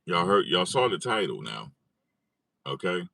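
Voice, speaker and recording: A man's voice: sits low, sing-song, a little slow, vocal fry, bright, forceful tone, dry recording. A man talking in a casual commentary vlog as an online commentator, incredulous and repeating his own phrases.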